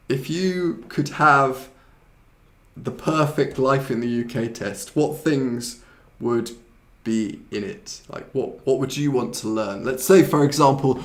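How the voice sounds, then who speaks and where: Speaking a little slowly in a mid-range voice, a man leads a casual live English class online. He banters with a co-host, reads questions from viewers, and explains points in Korean.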